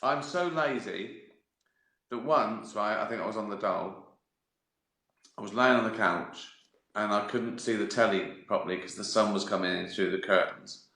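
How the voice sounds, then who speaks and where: A man's voice: lowish voice, normal speed, fairly bright tone. A man chatting casually to viewers on a livestream, rambling and self-mocking, wandering off on tangents. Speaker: comedian chatting live to viewers. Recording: roomy echoey room.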